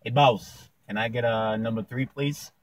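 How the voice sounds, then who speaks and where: A man's voice: mid-range voice, fairly even intonation, moderate pace, natural voice. A man putting on an odd cartoonish character's voice and accent while ordering at a drive-thru from his car. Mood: deadpan.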